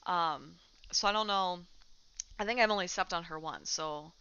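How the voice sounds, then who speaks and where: Woman streamer, chatty gaming talk, bright and smooth voice, dull lo-fi mic. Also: lowish voice, moderate pace. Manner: chatty, talks to her cat while playing. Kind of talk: casual chat while gaming.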